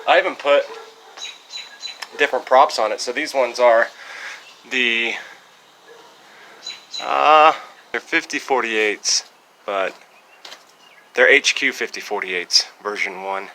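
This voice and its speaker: Recorded roughly on a handheld action camera with slight background noise, a young vlogger of medium pitch speaks slowly with frequent pauses, his voice pushed and bright. Walking by train tracks, he's winded on a hill and chats to the camera in a self-mocking, casual way.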